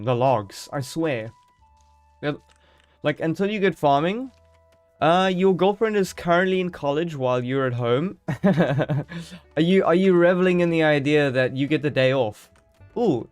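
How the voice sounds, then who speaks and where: A man streaming a game live, chatting casually and joking as he thinks aloud. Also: on the high side.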